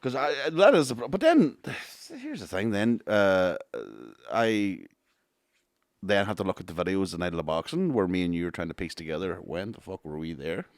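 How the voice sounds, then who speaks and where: Deep-voiced man, dry sound. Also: expressive, normal speed, no echo. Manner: swearing, laughing, rambling. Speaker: podcast co-host and comedian. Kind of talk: casual banter.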